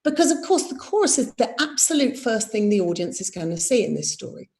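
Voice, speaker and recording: A woman's voice: fairly high pitch, big pitch swings, brisk, gravelly, darkish tone. A woman, a theatre director leading a live online workshop, explaining verse and tapping out its rhythm aloud. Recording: roomy echo.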